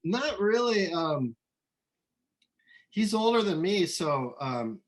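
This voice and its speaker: A middle-aged man from Southern California, a musician being interviewed, talking in a relaxed, rambling way with many ums and restarts. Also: high-pitched, takes it slowly. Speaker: musician guest. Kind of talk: casual interview.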